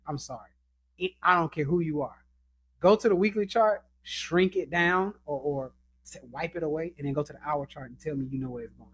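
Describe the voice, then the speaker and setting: A man's voice: fairly high pitch, a little hiss or hum, low-quality recording. Chatty man teaching trading. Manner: chatty, keeps asking "right?". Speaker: trading instructor. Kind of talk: casual screen-share lesson.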